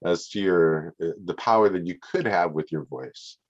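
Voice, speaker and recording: A man's voice: sits low, moderate pace, highs cut off. A man interviewing a guest, reflecting back and summing up what she has just said. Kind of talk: interview questions.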